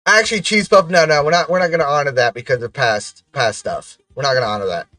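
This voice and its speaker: A man's voice: a little high, fast, pushed and bright, dry recording, distant mic, faint music behind. A man chatting casually on his livestream, rambling to his chat with lots of fillers.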